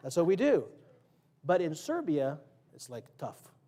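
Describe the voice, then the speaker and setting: A man delivers a relaxed, joking sermon in a church sanctuary at a measured pace, his mellow, fairly high voice swinging widely in pitch. He quizzes the people in the pews and acts out quotes and sound effects.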